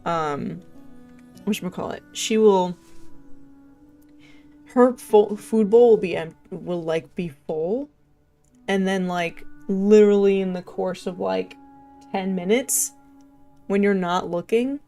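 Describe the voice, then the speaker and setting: A woman's voice: mid-range voice, takes it slowly, pauses often, warm tone. A young woman livestreamer chatting casually and rambling, filling her talk with "like" and "um" and laughing often. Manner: rambling, chatty, heavy use of "like" and "um"; laughs often between sentences. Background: faint game music.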